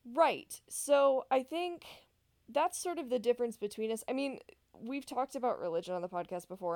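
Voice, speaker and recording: A woman's voice: mid-range voice, a little mellow, no room sound. Chatty woman podcast host, dry sound. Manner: chatty, rambling, with frequent fillers and self-corrections. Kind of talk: casual podcast chat.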